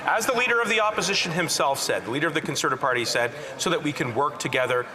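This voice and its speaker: A man's voice: a little high, expressive, rapid-fire, a crowd in the background. A man answering as a government minister in a formal, assured manner. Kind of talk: parliamentary answer.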